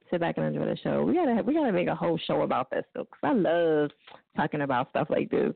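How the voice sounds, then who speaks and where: A woman hosting a casual call-in radio show, joking loudly and laughing often. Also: low voice, animated, fast, vocal fry, husky, no echo. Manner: loud, joking, laughs often, puts on voices for quotes. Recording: tinny phone-line sound, dry.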